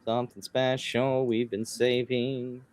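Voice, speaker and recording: A man's voice: medium pitch, flat delivery, slow, a little mellow. A man co-hosting a casual commentary show, sarcastic and exasperated, on a close mic. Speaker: co-host.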